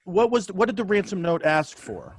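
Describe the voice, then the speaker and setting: A man's voice: high voice, very animated, moderate pace, slightly rough, dry recording. A man co-hosting a true-crime podcast, chatting with wry humor and stumbling over repeated words. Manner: stammering restarts, wry humor. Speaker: podcast co-host. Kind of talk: casual true-crime chat.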